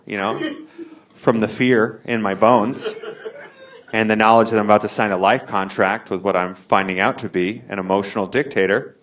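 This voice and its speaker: A man's voice: on the low side, steady tone, moderate pace, a bit bright, dull audio, slight background noise. A man doing a stand-up comedy set in a bar, telling a rambling, self-deprecating story. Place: bar with a live audience.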